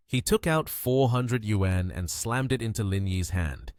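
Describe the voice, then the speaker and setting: A man's voice: fairly low pitch, measured pace, no room sound, studio quality. A man narrating a manhwa recap and reading every character's lines in the same plain voice.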